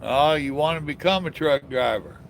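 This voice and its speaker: A man's voice: fairly high pitch, moderate pace, gravelly, slight background noise. An older man hosting a casual live stream outdoors, chatting with viewers in a folksy, drawling way. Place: outdoors in the evening.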